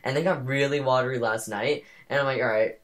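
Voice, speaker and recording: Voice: medium pitch, steady tone, fairly quick. Young podcast co-host, rambling and sassy. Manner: rambling, sassy storytelling with many fillers. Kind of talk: casual chat.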